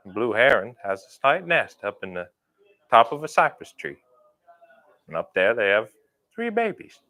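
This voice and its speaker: A man putting on a deep, sultry voice to play a slow, languid nature guide. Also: big pitch swings, bright, forceful tone, rough recording.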